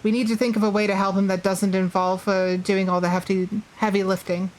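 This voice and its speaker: A woman's voice: medium pitch, little pitch movement, brisk, a little mellow, pitched below the performer's own voice, lightly acted, poor audio. A woman reading a game companion's lines aloud, in an earnest, practical way with small hesitations. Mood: urgent. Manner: reads the game dialogue aloud with slight hesitations.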